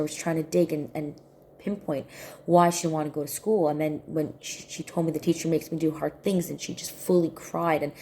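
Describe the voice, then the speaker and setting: A woman speaks to her viewers in a relaxed, personal way, with a somewhat low voice and a warm, mellow tone. She is earnest and circles back to repeat the points she wants to stress. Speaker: spiritual healing coach. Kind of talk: casual personal reflection to camera.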